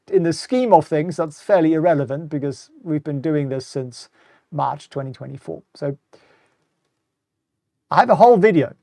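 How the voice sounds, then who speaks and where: A man's voice: fairly high pitch, creaky, dark tone, no room sound, studio quality. A middle-aged man from Germany with a German accent mixed with British English, casually commenting on markets in a live stream, often repeating words and answering viewer questions. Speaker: host.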